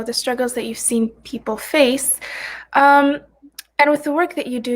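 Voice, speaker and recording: Host: woman, fairly high voice, measured, asks questions with pauses. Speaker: interviewer. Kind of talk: interview question.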